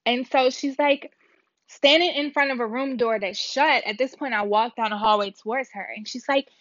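A woman's voice: on the high side, normal speed, no echo. A woman vlogger casually telling a story to her viewers, rambling and acting out the dialogue. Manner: animated, rambling, acts out dialogue. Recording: dull lo-fi sound.

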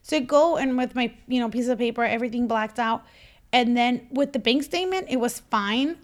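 Chatty lady, kinda high voice, animated storytelling, laughs a lot. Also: brisk. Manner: animated, laughing, acts out quotes. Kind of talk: casual storytelling chat.

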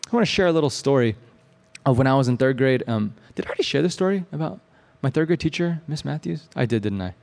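Long hall reverb surrounds this sermon from a man from the Midwestern United States. His voice is medium-pitched and creaky, and he moves at a quick pace. He tells the story in a lively, casual way, full of fillers and frequent "right?"s.

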